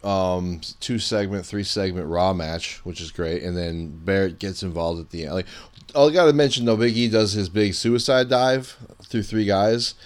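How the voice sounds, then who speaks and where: A man co-hosting a casual wrestling recap chat, animated and excitable when retelling big moments. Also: low voice, normal speed, clear, resonant tone. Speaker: podcast co-host.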